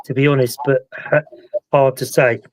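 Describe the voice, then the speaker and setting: A British man hosting a casual live-stream chat about a paranormal investigation, talking in a relaxed, rambling way. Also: medium pitch, moderate pace, no room sound, poor audio. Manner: relaxed, chatty, recounts events at length. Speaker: paranormal investigator and show host.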